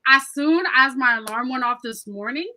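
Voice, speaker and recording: A woman with a bright, fairly high voice chats on a podcast. She tells a story with lots of energy and swears freely. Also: moderate pace, low-quality recording. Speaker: podcast co-host. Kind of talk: casual chat.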